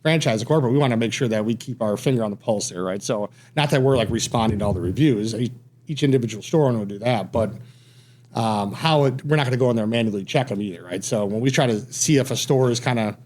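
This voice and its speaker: A man's voice: medium pitch, fast talker, darkish tone. A man, a pizza franchise owner, talking casually as a podcast guest, reserved and self-deprecating, often trailing off.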